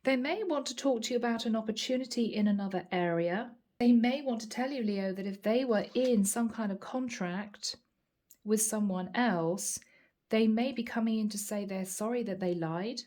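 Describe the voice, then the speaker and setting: A woman giving a channeled tarot reading, speaking calmly and reassuringly, addressing the listener directly and repeating key phrases. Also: fairly high pitch, normal speed. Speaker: tarot reader.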